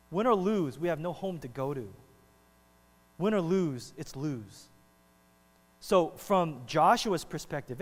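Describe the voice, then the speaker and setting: A man preaching a sermon as pastor, animated and conversational, often checking in with the congregation. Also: high voice. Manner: animated, talks to the congregation with frequent "right?". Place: church hall. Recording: reverberant hall with mains hum.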